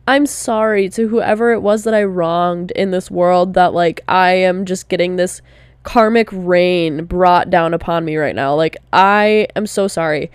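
With a lowish, smooth voice, this vlogger, a woman in her twenties, talks openly and casually about her life, swearing and using lots of fillers. Her delivery is slow and drawn out, and the studio-clean audio has no echo.

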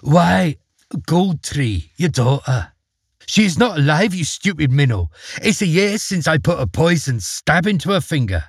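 A vain, scheming queen who sneers and purrs with mock sweetness, voiced by a man in a storybook reading. The voice swoops widely and carries a husky edge. The sound is close and dry. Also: a little high, sing-song, measured pace, dry recording, pitched above the performer's own voice, heavily acted. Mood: haughty, scornful.

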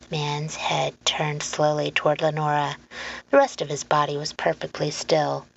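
Woman storyteller, low and gravelly, calm storybook reading. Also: moderate pace. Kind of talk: storybook narration. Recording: muffled lo-fi recording, faint hum.

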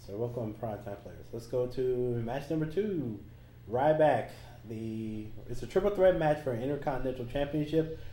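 Laid-back guy with a mellow voice, cracks little jokes, echoey room. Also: medium pitch, expressive, normal speed. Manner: easygoing, joking asides. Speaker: podcast co-host. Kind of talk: casual wrestling chat. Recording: roomy echo with faint ambience.

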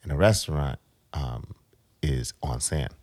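A man's voice: very deep voice, animated, unhurried, darkish tone, dry recording, studio quality. A man casually telling a rambling travel story, repeating words as he goes.

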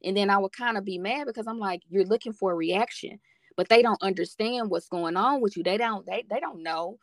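A woman's voice: mid-range voice, a little fast, no echo. A woman talking as a podcast guest in a casual, heartfelt chat, earnest and encouraging, repeating phrases for emphasis.

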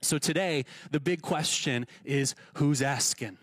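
A man's voice: fairly high pitch, measured pace, dry recording. A man preaching a sermon as pastor, in a conversational way, often checking in with "right?". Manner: conversational, asks "right?" often, restarts words. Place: church sanctuary.

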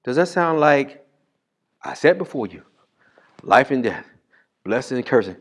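A pastor preaches with a swooping, animated voice at a middle pitch. He talks to his congregation in a loose, conversational way, calls out questions, and stretches out scripture slowly. He jumps between sudden loud bursts and near-whispered asides. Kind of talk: sermon.

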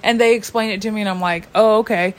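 A woman in casual chat, animated, swearing freely and acting out her own reactions. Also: medium pitch, fast, low-quality recording.

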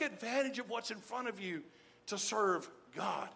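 A pastor with a drawl delivers his sermon with an emphatic, repeating cadence. His voice sits notably high for a man, and he leans hard on the words he wants to land. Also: animated, unhurried, creaky, bright, forceful tone. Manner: emphatic, repeats key phrases for stress.

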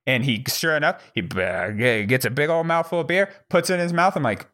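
A man co-hosting a podcast, telling stories in a casual, animated way that is full of swearing, and acting out the dialogue. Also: fairly high pitch, a little fast. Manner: animated, profane, acts out dialogue. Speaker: podcast co-host. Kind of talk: casual chat, storytelling.

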